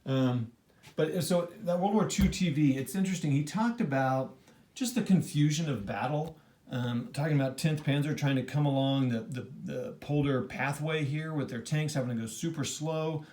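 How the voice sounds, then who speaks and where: A man's voice: a little high, normal speed, a little mellow. A man casually thinking aloud as he reviews a board wargame he played, rambling and restarting his sentences with lots of fillers. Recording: echoey room.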